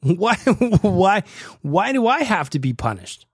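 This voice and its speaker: A man's voice: high-pitched, big pitch swings, slow pace, slightly rough, no echo, clean studio sound. A man hosting a podcast, chatting casually and joking, laughing often. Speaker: podcast host.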